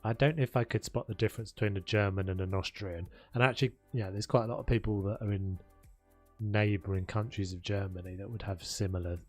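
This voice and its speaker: A young South London man rambles through relaxed stream chat, with a low voice and a habit of laughing and restarting his sentences. Quiet music plays faintly underneath. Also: fast. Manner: chatty, laughs often, trails off and restarts. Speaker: game streamer. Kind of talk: casual live-stream chat. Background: faint background music.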